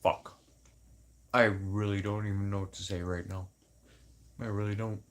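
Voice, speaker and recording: A man from Manitoba venting in a casual, unscripted talk to camera, swearing a lot and swinging from loud outbursts to low mutters. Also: flat delivery, moderate pace. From Manitoba, Canada. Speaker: vlogger.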